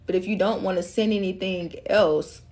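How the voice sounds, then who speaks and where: A woman's voice: medium pitch, moderate pace, a little mellow. A woman giving a casual live-stream tarot reading, chatty and laughing often, calling listeners love and queen. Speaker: tarot reader.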